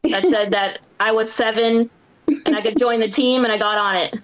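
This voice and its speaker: A woman's voice: on the high side, fairly even intonation, moderate pace. A young woman from the Boston area telling a rambling stand-up story, full of "like" and little laughs. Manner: rambling, filler-heavy storytelling with lots of "like" and laughs. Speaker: stand-up comedian. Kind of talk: stand-up set. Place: small live comedy venue with audience.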